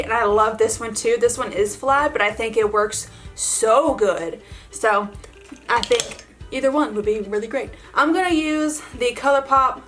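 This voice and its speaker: A woman's voice: fairly high pitch, a bit bright. A woman beauty vlogger chatting casually through a makeup tutorial, gushing and filling her talk with "like" and little laughs.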